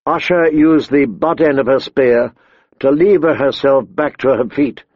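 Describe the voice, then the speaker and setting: A man narrating a fantasy audiobook in a measured, deliberate storytelling manner. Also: medium pitch, no echo. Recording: slightly dull, dry recording.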